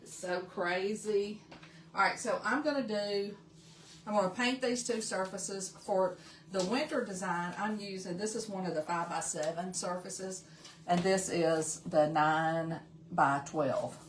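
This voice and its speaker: A chatty Southern woman hosts a craft livestream, laughing easily and greeting viewers by name. Her voice sits at an ordinary pitch for a woman. It comes from a short way off the mic, in a roomy space with a faint hum of ambience behind. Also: unhurried, distant mic. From Tennessee. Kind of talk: casual live craft demo.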